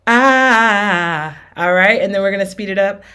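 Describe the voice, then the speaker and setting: A woman's voice: medium pitch, flat delivery, quick pace, fairly bright tone, clear, resonant tone. A woman teaching an R&B singing lesson with demonstrations, upbeat and encouraging, often checking in with her students. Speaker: vocal coach.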